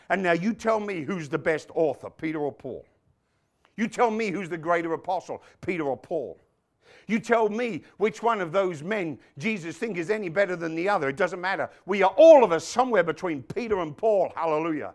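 An English man preaching a sermon in an animated way, swinging from loud exclamations to quiet prayer. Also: sits high, brisk.

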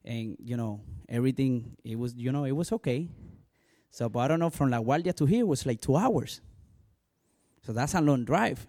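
At normal speed and medium pitch, a male pastor recounts his personal testimony with animation and many "you know" asides. He is a native Spanish speaker with a strong accent.

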